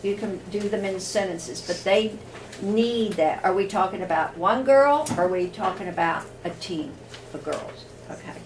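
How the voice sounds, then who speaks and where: A woman's voice: mid-range voice, a little slow, few pauses, slight background noise. A woman teaching a workshop in a classroom, speaking informally with many fillers and restarts. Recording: distant room recording with faint ambience.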